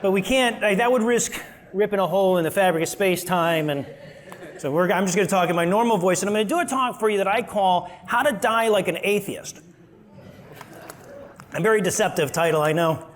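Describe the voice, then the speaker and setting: High-voiced man doing stand-up. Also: brisk. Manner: joking, self-deprecating, animated. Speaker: guest speaker, activist and podcaster. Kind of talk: stand-up style talk. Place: live stage before an audience.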